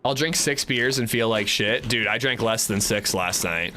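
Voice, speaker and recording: A man's voice: mid-range voice, moderate pace, few pauses, bright, forceful tone, a little hiss or hum. A man streaming a survival game, chatting casually and answering his chat as he plays. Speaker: gaming livestreamer. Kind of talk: casual gameplay commentary.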